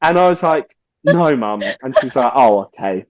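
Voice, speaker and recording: A man tells stories as a podcast guest, acting out what people said and swearing freely. His voice sits at a middling pitch. The sound is dry and close. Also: a little fast, dry recording. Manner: animated storyteller, swears freely, acts out quotes. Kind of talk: casual anecdote telling.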